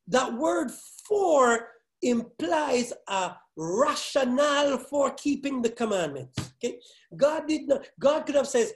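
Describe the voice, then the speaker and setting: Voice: sits high, lively intonation. A pastor giving a sermon, hammering key words over and over and firing questions at the congregation. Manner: halting restarts, then building force.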